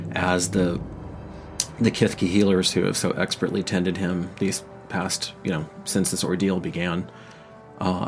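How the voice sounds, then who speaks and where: Deep-voiced man narrating as game master.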